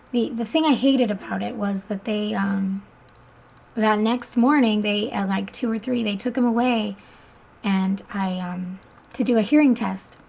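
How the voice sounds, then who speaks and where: Chatty young mother with gravelly voice. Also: on the high side, a little mellow, a little hiss or hum, rough recording. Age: 20s. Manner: chatty, many ums, laughs often. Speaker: mother telling a birth story. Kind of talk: casual personal storytelling.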